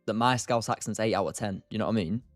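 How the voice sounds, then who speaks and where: Fast and fairly low-pitched, a young male livestream host who day-trades chats casually, reading chat aloud and replying to people by name. He laughs often. There's no echo on his dry close mic, and a faint music bed runs beneath.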